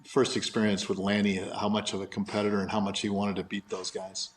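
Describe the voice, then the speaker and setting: Man, lowish voice, lively anecdote teller who laughs easily. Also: fairly quick, slight background noise, poor audio. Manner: animated storyteller, laughs often. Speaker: guest golfer in a played clip. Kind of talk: anecdote telling.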